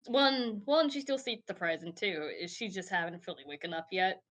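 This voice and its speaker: A woman's voice: fairly low pitch, fairly quick, fairly bright tone. A woman player chatting casually at a tabletop game, in a chatty, joking manner.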